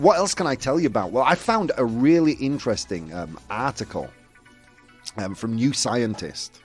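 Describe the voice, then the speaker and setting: A man's voice: mid-range voice, husky. A young man from the UK hosting a casual chat show, rambling with lots of fillers and restarts. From United Kingdom. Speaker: host.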